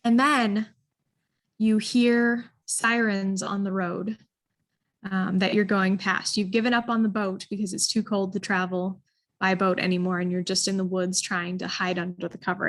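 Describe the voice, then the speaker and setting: A woman telling a history story to an audience, animated and full of ums, putting listeners in the story with choices. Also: mid-range voice. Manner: animated, addresses listeners with choices, frequent um fillers. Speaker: history presenter. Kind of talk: interactive storytelling talk.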